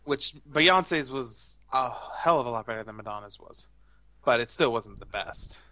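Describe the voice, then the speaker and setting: Young man, bright tense voice, dry close sound, rambling casual chat, opinionated. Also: mid-range voice, expressive, normal speed, no echo. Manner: rambling, filler-heavy, opinionated. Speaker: podcast co-host.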